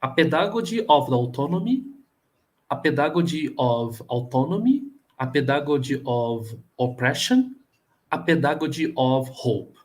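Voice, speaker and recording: A man from Brazil with a Brazilian Portuguese accent, a professor answering questions in a live online talk, earnest and halting, with many fillers and restarts. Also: mid-range voice, big pitch swings. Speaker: plenary speaker, professor.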